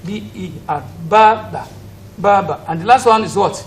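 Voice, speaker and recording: A man's voice: high voice, expressive, fairly quick, far from the mic, a little hiss or hum, poor audio. A man with a Nigerian accent teaching an English lesson. He drills pronunciation by asking questions and repeating each word. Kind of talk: recorded classroom lesson for students at home.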